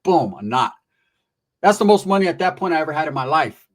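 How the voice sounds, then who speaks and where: Slangy cali dude telling a story, kinda high voice, swears a lot. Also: male voice, very animated, fairly quick. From Merced area, California. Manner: streetwise, slangy, profane. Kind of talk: casual storytelling.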